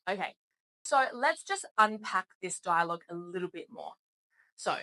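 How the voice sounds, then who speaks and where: A woman's voice: lowish voice, lively intonation, moderate pace, sharp tone, poor audio. A woman teaching English in a spoken lesson, patient and encouraging as she explains things step by step.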